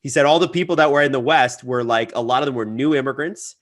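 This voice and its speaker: Brief: male co-host, mid-pitched voice, relaxed, storytelling in casual chat. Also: fast. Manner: laid-back storyteller, laughs often. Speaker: podcast co-host.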